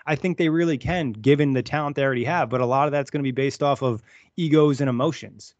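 A man co-hosting a sports podcast, explaining his views in casual chat at a steady pace. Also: mid-range voice, quick pace, no room sound. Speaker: podcast co-host. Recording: dull lo-fi dry sound.

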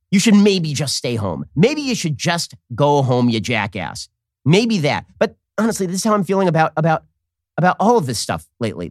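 Male commentary host, sarcastic and combative, lively swinging pitch, dry close mic. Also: no echo. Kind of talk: political commentary monologue.

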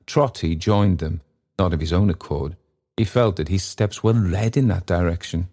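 A deep, mellow male voice narrates a classic story. His reading is measured and theatrical, with a warm, dark tone. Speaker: audiobook narrator.

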